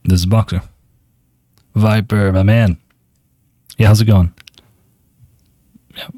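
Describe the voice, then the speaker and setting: A man's voice: fairly low pitch, fairly even intonation, slow pace, dark tone, dry recording. A man holding a breezy, self-important one-sided phone call, talking with frequent ums and restarts. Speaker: podcast host doing a comedy phone skit.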